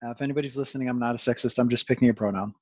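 A man's voice: medium pitch, fairly even intonation, racing, dark tone, no echo, highs cut off. A man hosting a conversational interview, rambling and self-aware with sarcastic asides. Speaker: podcast host.

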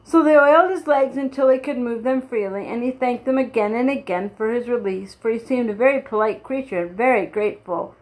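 A woman's voice: a little high, fairly quick, few pauses, rough recording. Woman reading a storybook aloud. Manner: steady reading with small slips and restarts. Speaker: reader.

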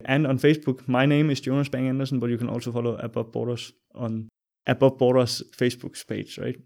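A man's voice: medium pitch, flat delivery, brisk, vocal fry, a little mellow. A man with a Danish accent talks as a guest on a podcast, easygoing and a little hesitant. His English comes with ums and restarts, but he sounds friendly throughout. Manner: friendly, loose, hesitant with fillers. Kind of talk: casual interview chat.

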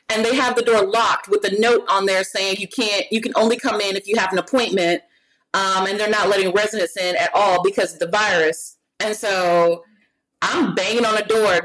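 A woman in casual chat, telling a story in an animated, profane way and acting out what each person said. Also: medium pitch, low-quality recording.

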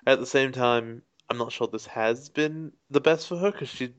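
A man's voice: medium pitch, moderate pace, dull audio. Dry-witted man co-host. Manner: dry teasing jokes. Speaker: podcast co-host. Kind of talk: casual chat.

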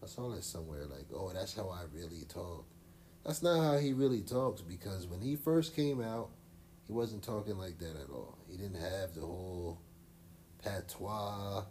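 A man co-hosting a casual podcast, his voice very low and dark in tone. He rambles easily, leaning on slang and fillers, over a faint hiss. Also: expressive, normal speed. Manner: laid-back, rambling, uses slang and fillers. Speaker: podcast co-host. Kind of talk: casual chat.

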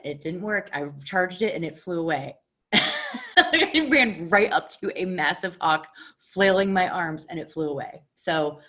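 Lively, cussing woman telling a story. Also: lowish voice, unhurried. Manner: animated, profane, laughs often. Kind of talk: casual storytelling chat.

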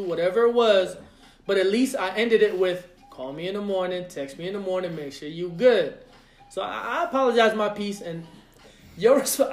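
A man's voice: sits high, echoey room. A man hosting a podcast, telling a rowdy story in casual chat, acting out quotes with lots of profanity. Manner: animated, profane, acts out quotes. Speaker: podcast host.

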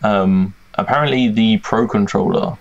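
A man's voice: fairly low pitch, measured pace, creaky, lo-fi sound, slight background noise. A man co-hosting a podcast, relaying gaming news and steering the chat. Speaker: podcast co-host. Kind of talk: casual chat.

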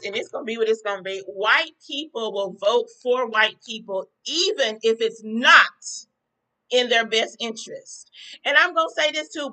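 A woman hosts a talk podcast, giving fired-up, preachy commentary straight to her listeners, whom she calls y'all, as casual talk to a live chat. Her voice sits high and sounds pushed and bright. The audio is poor.

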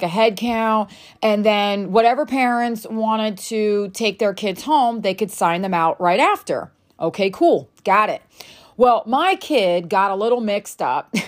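A woman hosting a podcast, telling a story in a casual, chatty way, with many fillers and some laughter. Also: medium pitch. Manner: chatty, frequent "like" fillers, laughs between lines. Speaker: podcast host.

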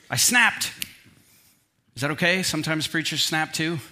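A middle-aged male pastor preaching a sermon, telling a personal story in an animated, self-deprecating, humorous way. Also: fairly high pitch, normal speed.

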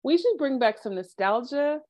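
A woman co-hosting a casual podcast chat, animated, acting out quotes and laughing often. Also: sits high, normal speed. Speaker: podcast co-host.

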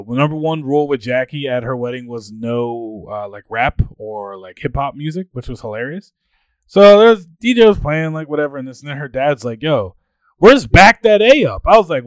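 A man's voice: mid-range voice, no echo. A young man co-hosting a podcast, chatting casually and acting out what his friends said as he tells stories. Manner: animated storyteller, acts out quoted friends. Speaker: podcast co-host. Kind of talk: casual chat.

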